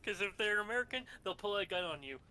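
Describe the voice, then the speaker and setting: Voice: medium pitch, pushed and bright, clean tone. A speaker from Canada chatting casually during a game, teasing and laughing often. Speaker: gaming co-player. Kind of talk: casual chat while gaming.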